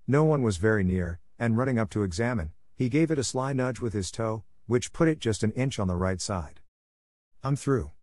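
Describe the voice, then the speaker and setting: A man narrating a classic novel audiobook in a steady, measured reading on a close mic. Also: on the low side.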